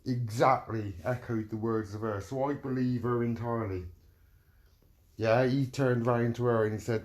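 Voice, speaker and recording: A middle-aged male vlogger launches into an angry, profane rant, repeating himself as he vents. His voice is medium in pitch, fairly even in intonation, and moderately paced.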